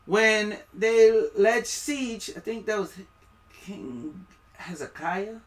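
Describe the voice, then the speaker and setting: A man's voice: high voice, takes it slowly. A man with a West Indian accent giving rambling, preachy live-stream commentary, reading aloud and stumbling over words.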